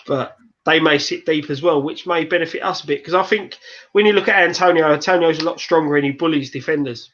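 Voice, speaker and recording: A man talks football on a casual fan show, often restarting his sentences as he thinks it through. His voice sits a little high, and it comes over a dull, lo-fi stream mic. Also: quick pace, a bit bright. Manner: stammering restarts, earnest match analysis. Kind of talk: casual pub-style football chat.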